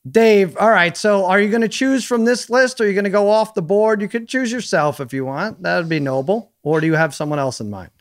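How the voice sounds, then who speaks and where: A man's voice: high-pitched, animated, brisk, few pauses. A man hosting a casual podcast chat with a slightly raised voice. He talks in a playful way and keeps throwing questions at the others. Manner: playful, quizzing. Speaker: podcast host.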